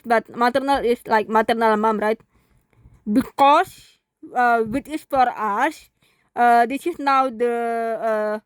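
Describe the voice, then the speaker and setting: A woman's voice: sits high, smooth, dry recording, clean studio sound. A woman vlogger chatting casually at home with her dog nearby, thinking aloud as she translates. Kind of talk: casual chat.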